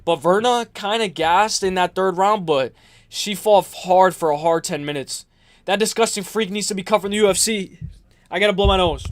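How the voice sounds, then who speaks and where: A young man with a fairly high voice runs a casual livestream from home, rambling and animated, now and then bursting into shouts. The sound is close and dry, with no room around it. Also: moderate pace, dry recording. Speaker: MMA livestream host.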